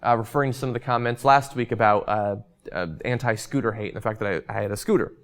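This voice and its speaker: A man hosting a casual vlog, answering viewer questions in a relaxed, chatty way with lots of ums and uhs, and he is losing his voice. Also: fairly low pitch, fast talker. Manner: relaxed and chatty, with frequent um and uh fillers.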